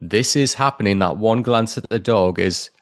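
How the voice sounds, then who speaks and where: A man's voice: lowish voice, moderate pace, no echo. A man with an English accent co-hosting a podcast, gushing enthusiastically as he analyses a TV scene. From England. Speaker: podcast co-host. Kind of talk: casual chat analysing a show.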